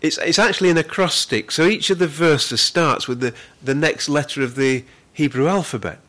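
A man preaching a sermon as pastor, earnest, with frequent repeated words, who slows down to stress the scripture he reads. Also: fairly high pitch, a bit bright.

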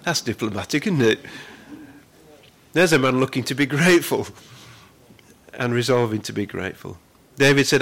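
A male pastor preaches in an earnest, conversational way at a middle pitch. He often repeats words as he gathers his thoughts. He slows right down to lean on the scripture he quotes. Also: lively intonation, fairly bright tone. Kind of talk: sermon.

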